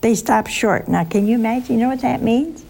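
A woman's voice: a little high, brisk, vocal fry, mellow, husky. An older woman teaching a Bible lesson, chatty and teasing, asking her listeners questions. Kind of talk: sermon-style Bible teaching.

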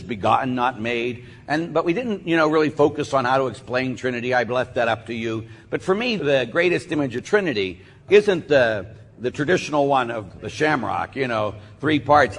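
A man's voice: mid-range voice, slight background noise. A man who is a Catholic priest, praying and then preaching, telling stories with acted-out voices. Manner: animated storyteller, acts out voices. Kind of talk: sermon with prayer and storytelling. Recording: husky voice in a reverberant hall.

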